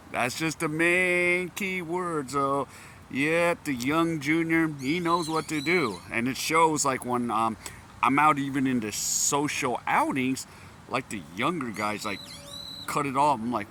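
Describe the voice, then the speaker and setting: Man from the US, casual vlogger, bright tense tone, constant laughter and amused asides, faint noise behind. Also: medium pitch, moderate pace. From United States. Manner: laughs often, breaks into amused exclamations. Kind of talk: casual vlog chat.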